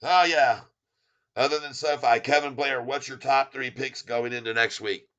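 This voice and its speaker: Bright-voiced man calling stock numbers. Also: mid-range voice, clear, resonant tone, dull audio. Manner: excited rapid number calling. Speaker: stock market livestream host. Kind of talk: live stock-ticker commentary.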